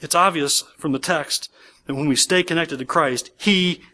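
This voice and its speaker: A man's voice: a little high, normal speed, sharp tone. A man pastor preaching a sermon, emphatic and repeating key words for stress.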